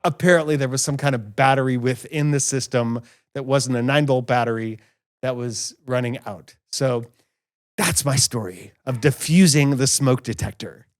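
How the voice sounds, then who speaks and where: A dad telling a funny home story. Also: male voice, medium pitch, moderate pace. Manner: storytelling, animated and self-mocking. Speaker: podcast host. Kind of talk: casual family podcast chat. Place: home podcast studio.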